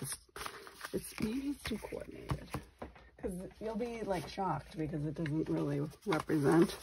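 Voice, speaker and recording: A woman's voice: low voice, vocal fry, mellow, a little hiss or hum. A woman in her forties from Wisconsin, hosting a casual papercraft tutorial and chatting to herself as she works. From Wisconsin, USA. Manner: chatty, mutters to herself while working. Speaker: papercraft channel host. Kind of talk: casual craft tutorial chat.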